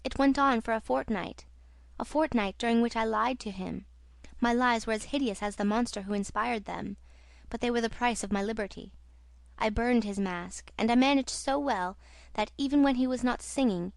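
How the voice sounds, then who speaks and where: A woman narrating a classic horror audiobook in an expressive, theatrical reading. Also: fairly high pitch, moderate pace, gravelly, dry recording.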